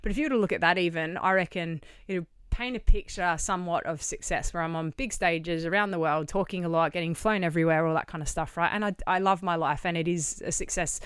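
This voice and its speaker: A woman's voice: lowish voice, fast, few pauses, fairly bright tone, clean tone, dry recording, clean studio sound. An Australian woman talking as a podcast guest, candid and blunt, swearing casually as she tells her story. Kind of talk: candid interview conversation.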